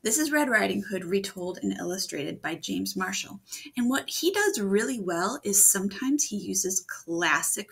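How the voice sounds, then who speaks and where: A woman teaching children to write fairy tales in a video lesson. She talks gently and encouragingly, and thinks out loud. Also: medium pitch, gravelly, slightly rough. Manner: thinks aloud, gentle and encouraging, with frequent restarts. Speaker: writing teacher.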